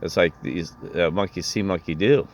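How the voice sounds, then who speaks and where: A man with a very deep, low voice recounts a personal run-in in a rambling, indignant way. He circles back and restarts his sentences as he goes. Faint background noise sits under his voice. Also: normal speed. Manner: indignant, meandering storytelling with many restarts. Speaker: vlogger.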